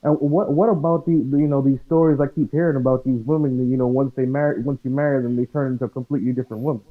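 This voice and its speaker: A man's voice: mid-range voice, steady tone, very fast. Male caller, wry and provocative questioning, tinny phone line. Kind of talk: call-in advice chat.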